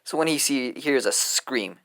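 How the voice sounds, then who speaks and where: A man's voice: mid-range voice, lively intonation, measured pace, a bit bright. A man casually improvising a fan story, rambling and offhand, with lots of fillers and restarts.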